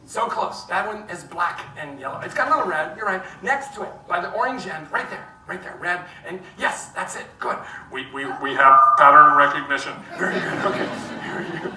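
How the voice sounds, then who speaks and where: A man's voice: high voice, lively intonation, brisk, hardly any pauses, pushed and bright. Joking male stage performer in an echoey hall. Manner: playful, joking asides to the audience. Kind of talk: live comedy science show. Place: large hall before a live audience. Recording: echoey hall, mic from far off, crowd and noise.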